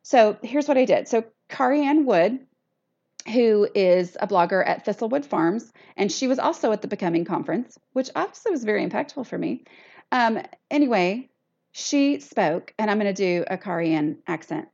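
A woman's voice: mid-range voice, expressive, moderate pace, vocal fry, a little mellow. Woman, middle-aged, chatty, self-deprecating, podcast host, dull lo-fi sound. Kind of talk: casual solo podcast chat. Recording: dull lo-fi recording.

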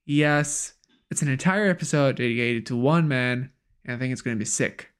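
A man's voice: medium pitch, moderate pace, clear, resonant tone. A young French man with a French accent hosting a podcast in an upbeat, casual way, laughing easily. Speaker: podcast host.

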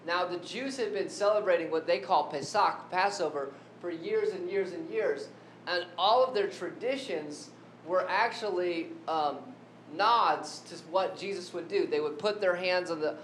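Man, preacher, sermon, slightly high voice, questions to the congregation, roomy echo, low rumble behind. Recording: echoey room with faint rumble.

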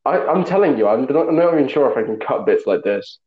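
A man's voice: medium pitch, expressive. A young man hosting a casual podcast, jokey and teasing. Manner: jokey and teasing, quick to laugh. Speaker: podcast host. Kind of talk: casual chat. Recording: roomy, dull-sounding recording.

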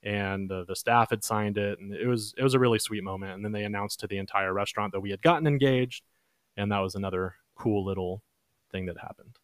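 Speaking fairly quickly in a low voice, a young podcast host casually recounts a lengthy story, lifting his pitch whenever he quotes someone. The audio has no echo.

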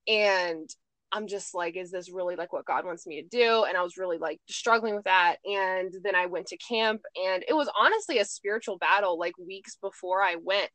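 A woman's voice: lowish voice, normal speed, a bit bright, no echo. Chatty young woman telling a story. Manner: chatty storytelling, with frequent "like" and "I'm just like". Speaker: podcast host. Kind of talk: casual chat.

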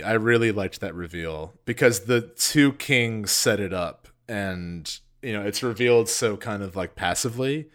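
Low-voiced joking man. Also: a little slow, few pauses, soft background music. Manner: animated, jokey, reads passages aloud. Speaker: podcast co-host. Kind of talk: casual book chat.

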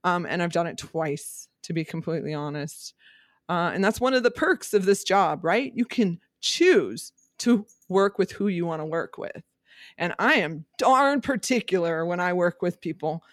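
A woman's voice: lowish voice, lively intonation, normal speed, dry recording, clean studio sound. A woman real estate agent talking candidly in a podcast monologue, emphatic, direct and emotional.

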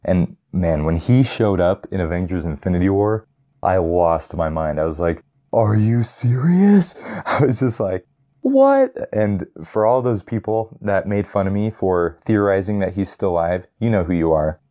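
A young man talks in a casual, rambling way, full of fillers and restarts, clearly enthusiastic about what he is ranking. His voice sits low and sounds mellow and relaxed. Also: moderate pace, dull audio. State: getting tired. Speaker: vlogger ranking movies. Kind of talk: casual chat.

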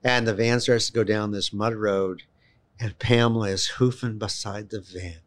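Animated man telling a story, low voice. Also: normal speed. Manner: animated, emphatic storyteller with frequent restarts. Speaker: guest, children's home volunteer. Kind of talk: storytelling in conversation.

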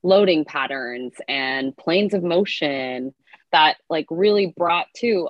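A woman's voice: low voice, takes it slowly, dry recording, highs cut off. Upbeat fitness coach woman, dry sound. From California. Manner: lively, upbeat, talks through her ideas out loud. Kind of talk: casual podcast interview.

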